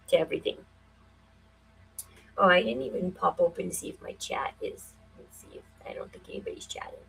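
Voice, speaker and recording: A woman in her forties hosting a casual livestream, thinking aloud with many fillers and breaking into quick, emphatic, conspiratorial bursts. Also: lowish voice, lively intonation, vocal fry, a bit bright, breathy edge, low-quality recording. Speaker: livestream host.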